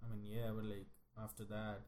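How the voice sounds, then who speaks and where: A man's voice: lowish voice, completely flat delivery, fairly quick, a little mellow. Profane protesting man in echoey room. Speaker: podcast co-host. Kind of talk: casual banter. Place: Austin.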